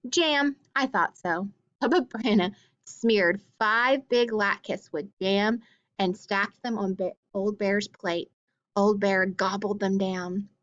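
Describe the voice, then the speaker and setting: A woman reads a children's picture book aloud at a middling pitch. She stops now and then to explain things plainly for young listeners. The recording is a little dull and lo-fi. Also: steady tone, takes it slowly. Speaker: storyteller.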